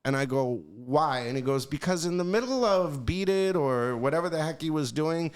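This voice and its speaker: A man on a podcast telling casual stories in an animated, profane way, acting out the voices of people he quotes. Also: fairly high pitch, normal speed. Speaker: podcast guest. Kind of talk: casual storytelling.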